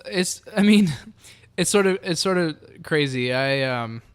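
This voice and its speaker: A man's voice: a little high, expressive, a little slow, smooth. A young man from the Southern United States co-hosting a podcast, chatting casually in a rambling, hesitant way with lots of fillers and restarts. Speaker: podcast co-host. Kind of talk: casual chat.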